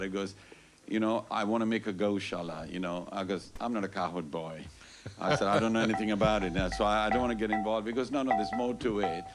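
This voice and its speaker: Guy at a temple program, chatty story, keeps going "you know" and "i goes", excited. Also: on the low side, background noise. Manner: animated, quotes others in dialogue, frequent "you know" and "I goes". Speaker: temple speaker at a Sunday program. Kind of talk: casual storytelling announcement. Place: temple hall.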